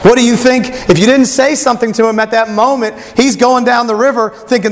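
A man's voice: very high-pitched, steady tone, quick pace, few pauses, big-room sound, a little hiss or hum. A male pastor preaching a sermon, telling a story and acting out its voices.

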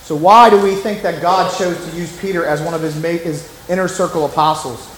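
A man's voice: fairly high pitch, steady tone, brisk, fairly bright tone, reverberant, a little hiss or hum, poor audio. A man preaching a sermon as pastor, emphatic and conversational, often acting out the voices he quotes.

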